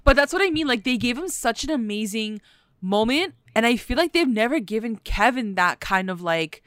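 A woman's voice: fairly high pitch, expressive, moderate pace, a bit bright, no echo. A young woman in casual chat, recapping a TV episode with a friend, chatty and laughing often, with some swearing.

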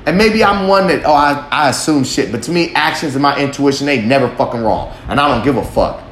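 A man's voice: medium pitch, expressive, a little fast, a bit bright. Blunt, cursing man in an echoey room. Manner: blunt, profane, rambling. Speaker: podcast host. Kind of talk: profane monologue. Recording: echoey room, faint background hum.

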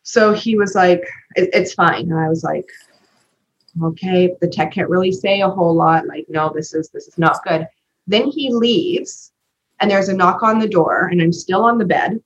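Lively woman telling a story, lo-fi sound. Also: fairly low pitch, moderate pace, a little hiss or hum. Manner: animated storyteller, acts out quoted voices. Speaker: podcast co-host. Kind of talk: casual storytelling chat. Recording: dull lo-fi podcast recording.

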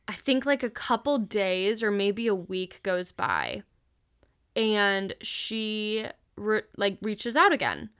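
A woman's voice: mid-range voice, very animated, slow, fairly bright tone, smooth. A young woman hosting a podcast, telling a personal story in a candid, chatty way and swearing freely. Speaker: podcast host. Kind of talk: casual confessional storytelling.

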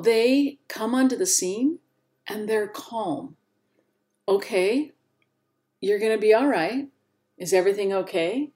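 A woman's voice: medium pitch, a little mellow. A woman hosting a solo parenting talk, speaking earnestly and encouragingly straight to her listeners. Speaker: parenting podcast host.

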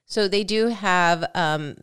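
A woman's voice: fairly low pitch, slow pace, fairly bright tone, clear, resonant tone. Woman on a gaming podcast, voice kinda worn, just woke up, chatty. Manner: chatty, reads news items aloud casually. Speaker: podcast co-host. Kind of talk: casual gaming chat.

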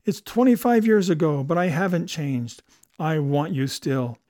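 A man playing an old theatre hand who speaks with loud, ardent conviction. The tone stays mellow and dark, and the recording is dry. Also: on the high side, unhurried, no echo, natural voice. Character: old male theatre veteran, ardent and gruff.

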